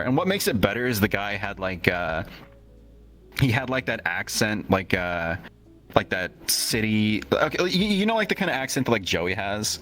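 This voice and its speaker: A man's voice: on the low side, very animated, normal speed, fairly bright tone, poor audio. A man hosting a live stream, chatting casually and telling a rambling, profane story. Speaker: stream host. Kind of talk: casual chat.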